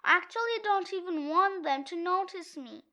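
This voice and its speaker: A woman's voice: very high voice, moderate pace, sharp tone, exaggerated voice. A woman voicing a nervous, wisecracking sixth-grade boy at a party, in a read-aloud of a comic book. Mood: sulky. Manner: self-conscious, wisecracking.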